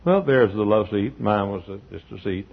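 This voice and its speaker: A man preaching a sermon, telling stories that swell into loud peaks. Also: on the low side, animated, normal speed, vocal fry, phone-quality sound. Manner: storytelling, swells to shouting peaks. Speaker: pastor.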